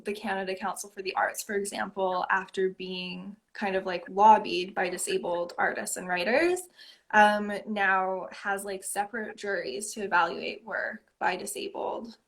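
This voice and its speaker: A woman's voice: mid-range voice, fairly bright tone. A woman poet being interviewed, speaking in a casual, reflective way with many fillers and light laughs.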